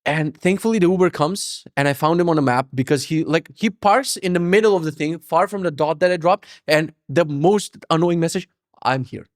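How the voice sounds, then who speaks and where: A man in his thirties hosting a podcast, telling a story as a casual rant, animated, cursing freely and mocking himself. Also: a little high, fairly quick, no echo, clean studio sound. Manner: animated, profane, self-mocking. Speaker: podcast host.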